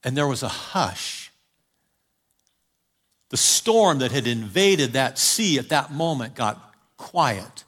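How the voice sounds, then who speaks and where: A man preaching a sermon, telling stories to the congregation and urging them on, with sudden loud calls and quiet drops. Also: mid-range voice, expressive, slow, long pauses, long reverb tail. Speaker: pastor.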